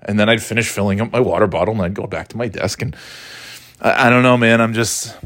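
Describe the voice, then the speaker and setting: A man's voice: lowish voice, fast talker, fairly bright tone, no room sound. Profane, sarcastic man on a dry mic. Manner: frequent restarts and stumbles. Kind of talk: rambling casual rant.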